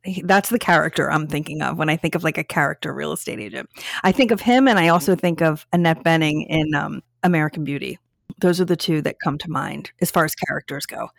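A woman co-hosts a relaxed chat with a gravelly, slightly low voice. She talks in a chatty way and often fills her speech with "like". The recording is dry and close. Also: fast, no echo. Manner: chatty, with frequent "like" fillers. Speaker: podcast co-host. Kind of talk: casual chat.

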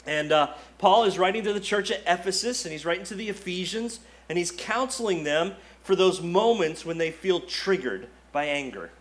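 Male pastor, higher voice, chatty lively sermon delivery that acts out the quotes. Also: normal speed, hardly any pauses. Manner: conversational and lively, acting out quotes, frequent "like".

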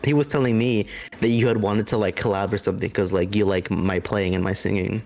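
A man's voice: lowish voice, steady tone, fairly quick, darkish tone. A young man guesting on a podcast, chatting in a joking, slangy, upbeat way. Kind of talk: casual chat.

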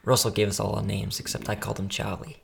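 Young guy co-hosting a podcast, gravelly voice, rambles, laughs, forgets his words. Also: lowish voice, flat delivery, fast. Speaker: podcast co-host. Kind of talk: casual chat.

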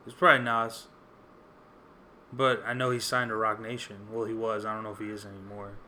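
A man in casual chat, agreeable and quick to affirm. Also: lowish voice, level tone, pushed and bright, a little hiss or hum.

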